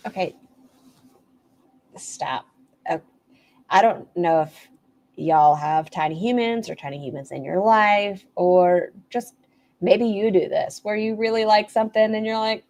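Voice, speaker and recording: A woman's voice: mid-range voice, a little slow, pauses often, a little mellow. A woman hosting a livestream commentary, making blunt, sarcastic remarks and reading out poll results. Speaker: commentary streamer.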